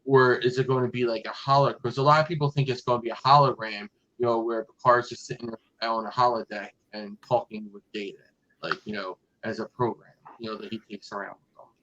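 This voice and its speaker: Casual male podcast host, mid-pitched, rambling delivery, slightly muffled lo-fi audio. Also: level tone, fairly quick, fairly bright tone, a little hiss or hum. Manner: rambling, many fillers and restarts. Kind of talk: casual fan chat.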